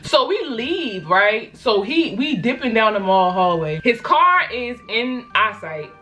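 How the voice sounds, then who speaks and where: A young woman from Baltimore, a vlogger telling a story in a lively, slangy and dramatic way. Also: fairly high pitch, slow pace, faint music behind. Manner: animated, slangy, dramatic retelling. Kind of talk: casual storytime.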